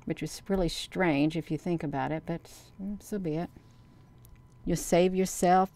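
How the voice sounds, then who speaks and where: A woman chats casually on a livestream, rambling from point to point and answering viewers. Her voice is smooth and clear and sits a little low. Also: darkish tone. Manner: folksy, rambling, says "you all" and "honey". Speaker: livestream host. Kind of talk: casual livestream chat reading comments.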